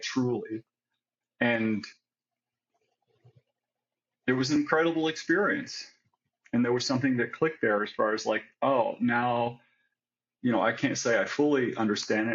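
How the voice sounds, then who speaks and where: Recorded with lo-fi sound, an American man with a medium-pitched voice shares his personal story as an interview guest. He's a psychiatric pharmacist, candid and reflective, frequently adding "like" and "right?".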